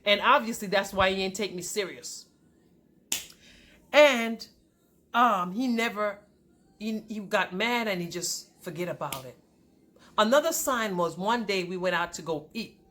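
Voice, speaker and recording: A woman telling her own story to a camera, speaking directly to her viewers. She talks emphatically and at an even, average pitch for a woman. The delivery is personal and unscripted. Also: a little slow, long pauses, slight background noise. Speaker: vlogger.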